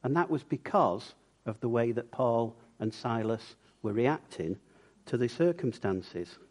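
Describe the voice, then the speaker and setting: A man with a mid-range voice delivers a sermon at an unhurried pace, telling stories as a lively storyteller and acting out the voices of the people in them.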